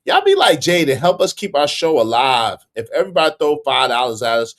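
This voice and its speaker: A man's voice: a little high, big pitch swings, brisk. A man hosting a live stream, reading out donations and teasing his chat, laughing often and repeating phrases.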